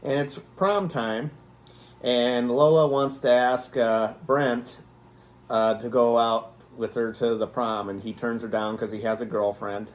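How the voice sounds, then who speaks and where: A man's voice: mid-range voice, fairly even intonation, unhurried. A man co-hosting a horror movie review in casual chat, hesitant, with many ums and restarts as he explains.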